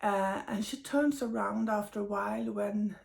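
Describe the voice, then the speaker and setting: A middle-aged woman with a gravelly, creaky edge to her voice tells a painful family story at a middle pitch. She sounds tired and grieving, and speaks haltingly with frequent pauses and fillers. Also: fairly even intonation. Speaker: medium sharing personal news. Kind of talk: personal storytelling.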